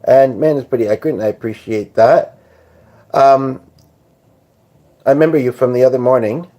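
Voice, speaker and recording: A man's voice: mid-range voice, normal speed, warm tone, muffled recording. A tired man hosting a live stream, rambling and joking casually as he answers viewers' comments. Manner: rambling, jokey, chatty with viewers. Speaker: livestream host.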